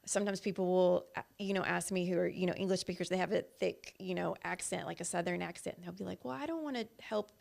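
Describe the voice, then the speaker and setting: A woman's voice: on the low side, completely flat delivery, fast, creaky, hardly any pauses, a little mellow. A woman guest from an adult learning program, chatting casually and filling her talk with um and like. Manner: chatty, full of fillers like um and like. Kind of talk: casual live-stream chat.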